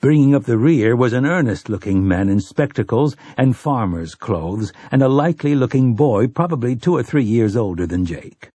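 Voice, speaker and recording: A man narrating a novel in steady, unhurried audiobook style. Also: mid-range voice, breathy edge, dry recording. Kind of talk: scripted narration.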